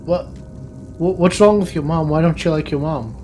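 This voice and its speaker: A man playing a tabletop role-play, talking in an easygoing, halting way. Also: fairly high pitch, a little mellow, slight background noise. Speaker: player.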